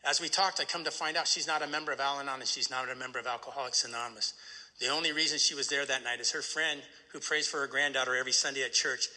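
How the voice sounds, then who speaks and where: A man speaking at a recovery meeting, telling a personal story in an animated way and often asking "right?". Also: mid-range voice, fast talker, long reverb tail.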